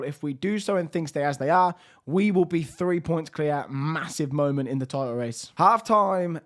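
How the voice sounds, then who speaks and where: A young man with a strained voice, commentating on his own football management game and swinging between hushed and excited. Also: on the high side. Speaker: gaming YouTuber.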